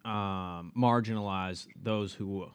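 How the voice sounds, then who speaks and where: A man co-hosting a podcast in casual chat, relaxed and rambling, with ums and frequent laughs. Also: deep voice, slow pace, smooth. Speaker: podcast co-host.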